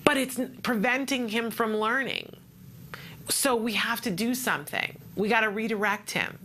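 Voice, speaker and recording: A woman's voice: a little high, moderate pace, pushed and bright, a little hiss or hum. A woman giving casual advice to other parents, telling a story expressively and acting out the people in it. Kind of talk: casual teaching talk.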